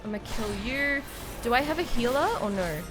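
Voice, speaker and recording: A tipsy woman livestreams a game, cursing and muttering to herself and her chat, with the occasional panicked shriek. Her voice is a little high and animated, at a moderate pace, and game music sits clearly beneath it.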